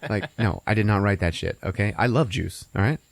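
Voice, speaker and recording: A man hosting a podcast, casually recapping a movie's plot with lots of profanity and laughter, jumping into squeaky put-on voices for the characters. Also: a little fast, gravelly, no room sound. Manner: profane, laughing, animated storytelling. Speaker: podcast host.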